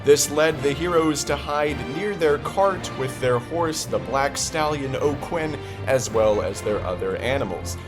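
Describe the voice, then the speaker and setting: A man narrating as game master of a tabletop game, in a loose, relaxed way with many fillers. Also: medium pitch, unhurried, hardly any pauses, music in the background. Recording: roomy echo.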